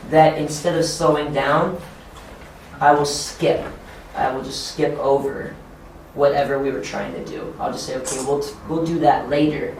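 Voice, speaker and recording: A man giving an ESL teacher-training session, speaking deliberately in simple phrases for learners. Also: on the high side. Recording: echoey room from far off, faint noise.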